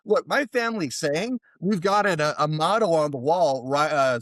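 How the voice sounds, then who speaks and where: An American man, a therapist, telling a story as a podcast guest in a rambling, animated way. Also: fairly high pitch, moderate pace, dry recording. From United States. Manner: rambling, animated, many restarts. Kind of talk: casual storytelling.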